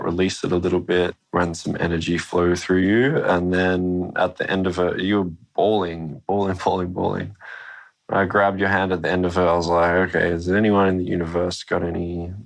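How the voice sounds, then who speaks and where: Deep-voiced laid-back young man. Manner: laid-back, swears casually, laughs between lines. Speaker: interviewee, younger brother. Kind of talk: casual storytelling interview.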